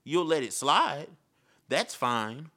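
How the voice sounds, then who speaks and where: A man's voice: fairly high pitch, big pitch swings, slow, sharp tone. A man giving an impassioned casual monologue, repeating his points and calling the listener "bro". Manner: impassioned, repetitive, says "bro".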